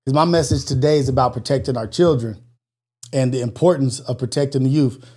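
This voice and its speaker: A man hosting a live morning call-in show, out of breath and chatting casually, with energetic exclamations and motivational, prayerful asides. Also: medium pitch, brisk.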